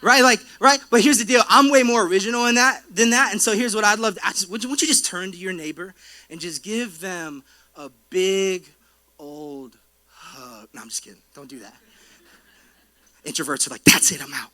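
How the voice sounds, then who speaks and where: Young guy pastor, kinda high bright voice, joking around with the church crowd. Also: normal speed. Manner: playful, conversational storytelling with asides to the congregation. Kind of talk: sermon. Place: church auditorium.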